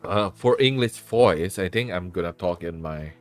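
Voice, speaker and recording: A man's voice: sits low, normal speed, soft background music. A man with a sore throat, hosting a casual live stream, rambling and often interrupting himself. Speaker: VTuber streamer and host.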